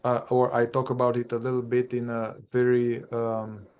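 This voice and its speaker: A man who works as a psychotherapist, talking through his methods in conversation, animated and thinking aloud, often repeating and restarting phrases. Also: medium pitch, normal speed, clear, resonant tone. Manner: animated, acts out exchanges with clients. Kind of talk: conversational dialogue on spiritual practice.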